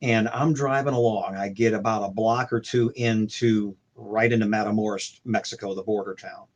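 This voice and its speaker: A man's voice: lowish voice, steady tone, moderate pace, lo-fi sound. A man on a video call, telling rambling anecdotes about his band days in casual chat, full of restarts and fillers. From St. Louis. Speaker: guest musician.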